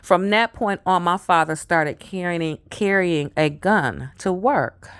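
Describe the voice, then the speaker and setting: A woman telling a personal story in a casual, animated way, often repeating phrases for effect. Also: on the low side, takes it slowly, clean tone, dry recording, clean studio sound. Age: adult.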